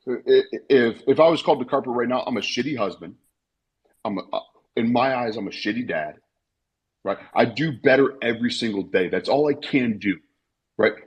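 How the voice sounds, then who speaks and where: A man in his thirties with a low, husky voice talks bluntly over a live online call, swearing freely and circling back over his own words. The audio is dull and lo-fi. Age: 30s. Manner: blunt and profane, repeats himself. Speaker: Twitter Spaces speaker. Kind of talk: emotional personal talk.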